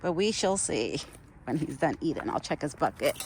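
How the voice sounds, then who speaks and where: A young woman rambles and laughs often while feeding a wild deer out in the cold, chatting casually for her vlog. Her voice is low, a little mellow and animated, at a normal speed, with a slight hiss or hum on the recording.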